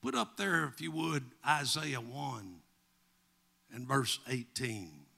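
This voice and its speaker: A man's voice: medium pitch, lively intonation, takes it slowly, gravelly, bright, forceful tone. A male pastor with a Southern American accent, preaching a sermon and reading scripture with a rising preacher's cadence. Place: church.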